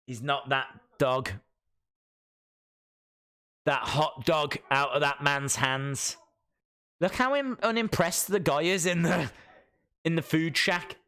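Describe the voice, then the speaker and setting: His voice is fairly high, bright, forceful and smooth, yet he speaks slowly and pauses often. On a live watch-along stream he gives chatty, excitable commentary and reads his viewers' comments between reactions.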